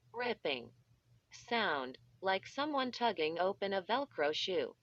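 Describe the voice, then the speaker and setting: A woman's voice: mid-range voice, fairly bright tone, no room sound. A synthetic-sounding woman reading a children's horror story aloud, reading the text literally and spelling out letters. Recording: dull lo-fi.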